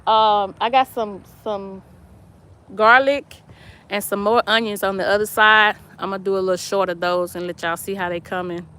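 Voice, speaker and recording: A woman's voice: medium pitch, steady tone, normal speed, fairly bright tone, slight background noise. A middle-aged woman, chatting casually on a live stream from her yard and reading viewer comments aloud between laughs. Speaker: vlog host. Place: outdoors in a yard.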